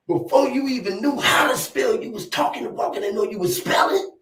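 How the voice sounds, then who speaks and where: A man's voice: very high voice, moderate pace, fairly bright tone, recorded from a distance. A man ranting to camera in a vlog, boastful, profane and rambling, with heavy emphasis. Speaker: vlogger. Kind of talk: casual rant to camera. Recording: roomy echo, off-mic.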